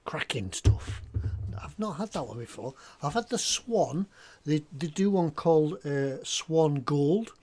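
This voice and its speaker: A man's voice: a little high, lively intonation, unhurried, darkish tone, slight background noise. A man chatting casually and jokily at his hobby workbench while he works on a model, often drifting off topic. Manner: rambling and jokey, drifts off topic. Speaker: scale model builder.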